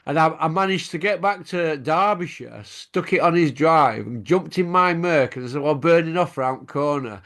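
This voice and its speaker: A man's voice: on the high side, normal speed, hardly any pauses, a bit bright. A middle-aged man, hosting a boxing show and telling stories in casual chat, swearing freely and laughing as he goes.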